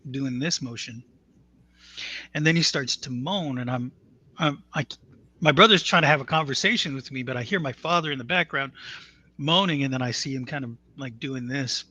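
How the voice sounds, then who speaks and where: Bright-voiced man telling a story. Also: medium pitch, highs cut off. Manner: earnest, matter-of-fact, quotes others as he tells it. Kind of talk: conversational storytelling.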